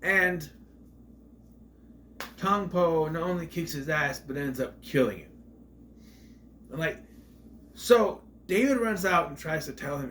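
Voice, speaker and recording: A man casually reviewing a movie in a rambling, offhand way, retelling scenes in quoted voices and breaking into loud mock outrage. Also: a little high, lively intonation, slow, long pauses, a little hiss or hum.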